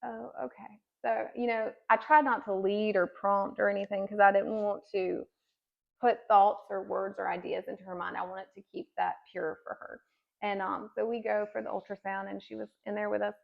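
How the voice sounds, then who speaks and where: A woman's voice: mid-range voice, little pitch movement, moderate pace, vocal fry, muffled recording. A woman in her thirties giving an earnest personal faith testimony as a podcast guest, telling her story with many casual fillers.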